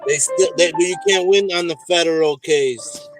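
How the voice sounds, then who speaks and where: A man's voice: fairly high pitch, moderate pace. A man talking casually as a guest, mumbling and tacking "man" onto his lines. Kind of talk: casual chat. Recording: loud background music.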